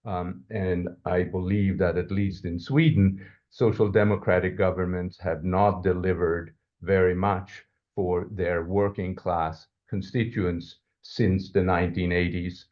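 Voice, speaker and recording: A low-voiced male professor answers questions on a podcast, thinking aloud and hedging as he goes. He often restarts his sentences, and the recording sounds dull and lo-fi. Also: level tone, measured pace. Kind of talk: academic interview answer.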